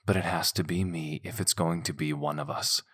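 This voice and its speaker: A man voicing an easygoing but stubborn young man in an audiobook, talking in a low, blunt, offhand way. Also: fairly even intonation, a little fast, a bit bright, husky. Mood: defensive.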